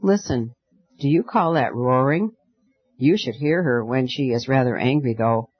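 A man voicing a gentle, wondering young girl in an audiobook story, speaking softly and tenderly. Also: mid-range voice, unhurried, husky, dry recording, highs cut off. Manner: soft, tender and kindly.

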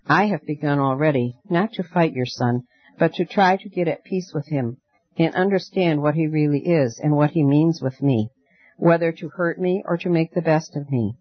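A man voicing a gentle girl who lives in darkness, speaking softly, earnestly and coaxingly, in a dull, dry lo-fi recording. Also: on the high side, normal speed, no echo, lightly acted. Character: gentle night-dwelling girl, soothing and firm.

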